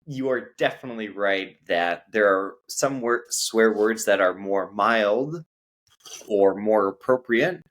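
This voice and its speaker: An American man teaching English in a casual lesson, measured and careful in his explanations. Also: lowish voice, fairly bright tone.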